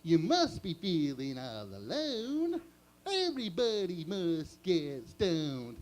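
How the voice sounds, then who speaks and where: A man voicing a dopey male cartoon moose, singing slowly in a goofy, drawn-out way. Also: a little high, huge pitch swings, full character voice.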